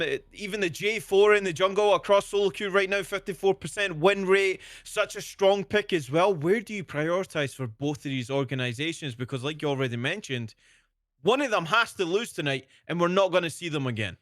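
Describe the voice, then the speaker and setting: A male esports caster calling picks and bans live. His voice is bright and forceful, a little high, and recorded dry and close. He talks with lively energy and keeps passing questions to his partner. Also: no echo. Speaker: play-by-play caster.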